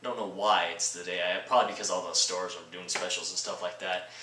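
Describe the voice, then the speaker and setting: A man's voice: sits low, little pitch movement, fast, sharp tone, a little hiss or hum. Sarcastic man ranting in a roomy echo. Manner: sarcastic, joking, rambling. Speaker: vlogger. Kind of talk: comedic rant vlog. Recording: roomy echo from a distant mic.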